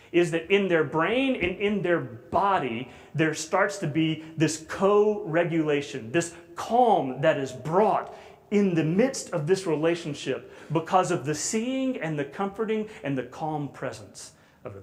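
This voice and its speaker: A man preaching a sermon in a conversational way, building loud and high on repeated phrases and dropping soft on quiet lines. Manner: conversational with fillers. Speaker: guest preacher.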